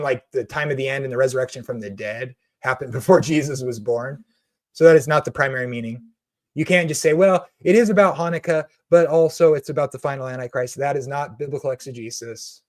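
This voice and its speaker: Hombre apasionado y sarcástico. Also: male voice, medium pitch. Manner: passionate, sarcastic, indignant. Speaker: Christian video host. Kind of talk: ranting monologue and comment reading.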